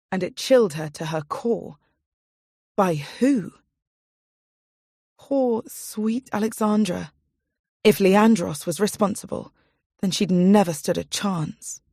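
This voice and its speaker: A woman's voice: on the low side, a little mellow, no room sound. Woman narrating an audiobook, dry and close. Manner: measured storytelling. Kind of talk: scripted narration.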